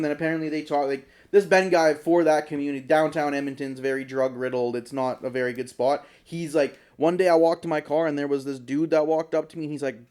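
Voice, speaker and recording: A podcast co-host tells a story in casual conversation, his somewhat high voice moving a little fast with few pauses. He's an animated storyteller who swears freely and acts out what people said.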